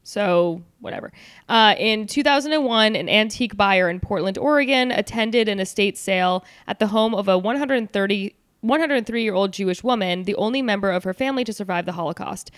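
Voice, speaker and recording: A woman hosts a relaxed chat, reading stories aloud and breaking off into joking asides. Her voice sits in the middle range and sounds dry and close, with no room around it. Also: medium pitch, a little fast, clear, resonant tone, dry recording. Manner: loose and joking, reads with fillers and asides. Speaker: podcast host.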